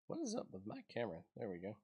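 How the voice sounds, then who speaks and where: A man's voice: lowish voice, wildly swooping pitch, very fast, mellow, husky. A man giving casual, rambling commentary while he plays and reviews a small indie game. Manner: rambling, chatty, self-interrupting. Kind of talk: casual let's-play commentary.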